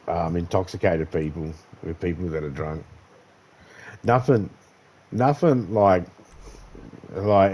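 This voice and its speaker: Man, Australian accent, low voice, rambling sweary storytelling, gaming stream. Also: a little mellow, poor audio. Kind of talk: casual chat while gaming.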